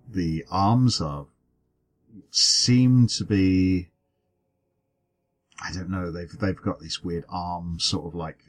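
A man playing a tabletop game, hesitant and unsure, with many fillers. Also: sits low. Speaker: player.

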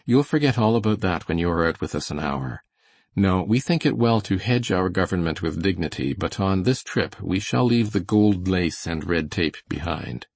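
A man's voice: deep voice, expressive, normal speed, creaky, husky, no echo, full character voice. A man voicing a shrewd, kindly little man of about thirty who talks heartily and persuasively, in a storybook reading. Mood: enthusiastic.

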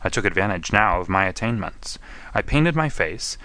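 A desperate, refined gentleman prisoner, as a narrator puts him on, pleading and anguished. The voice is low yet tense and bright at the edges. It is recorded dry and close. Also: expressive, moderate pace, no room sound, exaggerated voice.

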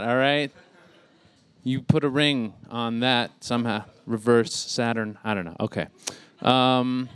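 A man's voice: on the high side, a bit bright, clean tone, no echo. A man in his thirties doing a rambling stand-up set, laughing at his own jokes. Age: 30s. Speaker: stand-up comic.

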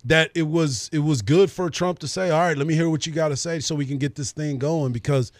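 A man's voice: a little high, fairly quick, no echo, studio quality. Laid-back male sports radio co-host. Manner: laid-back, agreeable, says "right" often. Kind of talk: casual sports talk.

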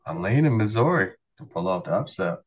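A man co-hosting a sports podcast in casual chat, measured and agreeable. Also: fairly low pitch, animated, husky.

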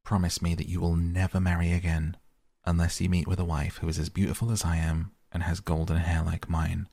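A man's voice: low-pitched, level tone, fairly quick, gravelly, warm tone, no echo. A man reading as a dying, solemn queen.

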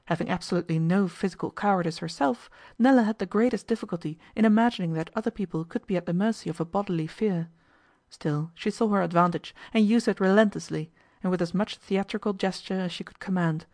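A woman reading a classic novel aloud as an audiobook narrator, in a measured storytelling manner. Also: lowish voice, darkish tone. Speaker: audiobook reader.

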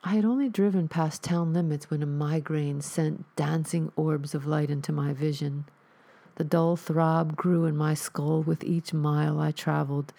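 Female horror narrator, dark mellow tone, steady reading. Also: sits low, vocal fry. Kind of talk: scripted horror story narration.

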